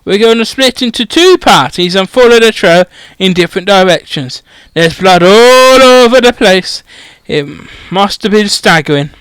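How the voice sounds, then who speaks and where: A man voicing a gruff, foul-mouthed groundskeeper who swears constantly and rambles bluntly. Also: sits high, expressive, normal speed, few pauses, fairly bright tone, no room sound. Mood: rambling.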